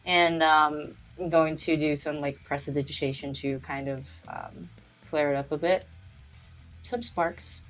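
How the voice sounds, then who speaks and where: A woman's voice: deep voice, sing-song, a little slow, soft background music. A woman playing a tabletop game, chatting casually and rambling with many fillers. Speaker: player.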